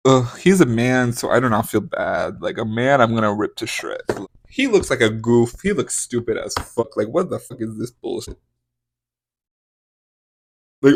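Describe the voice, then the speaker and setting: A man's voice: mid-range voice, animated, moderate pace, no echo. A young man hosting a podcast, giving casual, profane celebrity gossip commentary with dramatic, exaggerated outbursts. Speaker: podcast host.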